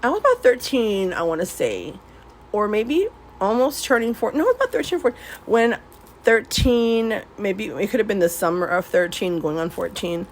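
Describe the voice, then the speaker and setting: A woman's voice: medium pitch, sing-song, normal speed, a little hiss or hum. A woman telling her life story in a casual vlog, rambling, laughing often, swearing and dropping in Spanish words. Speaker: vlogger. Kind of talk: casual storytelling while swatching paints.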